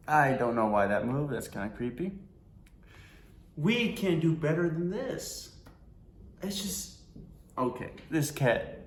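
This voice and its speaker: A man in an echoey room at home gives a loose, off-the-cuff rant. His voice sits in an ordinary middle register, and he trails off, restarts and grumbles as he goes. It sounds casual and unscripted, with the room's reflections around him. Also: medium pitch. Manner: exasperated, rambling, with restarts and "man" tags. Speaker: vlogger reviewing a TV show. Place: room at home with a cat nearby.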